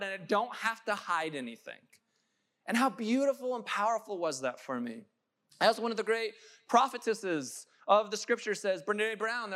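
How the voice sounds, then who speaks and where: A man's voice: high-pitched, fairly bright tone. A young adult man preaching a sermon, impassioned and building to emphatic peaks. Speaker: pastor.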